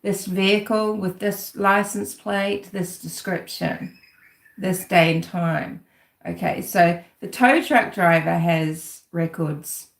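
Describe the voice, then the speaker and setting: A woman's voice: lowish voice, slow, gravelly. A woman giving casual, rambling commentary on a livestream, with a sarcastic edge as she digs into a case. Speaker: true-crime commentator. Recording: roomy echo.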